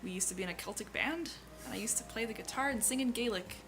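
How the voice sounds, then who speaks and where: A woman's voice: fairly high pitch, quick pace, noisy background. Chatty woman. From Maritimes, Canada. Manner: chatty, joking, many "like"s. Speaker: co-host. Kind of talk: casual Q&A chat. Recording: music playing in the background. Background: background music.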